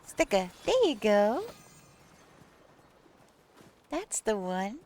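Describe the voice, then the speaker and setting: Taking her time, a woman with a medium-pitched voice chats casually with her live stream viewers, reading their messages aloud and playing with pronunciations. Slight background noise can be heard.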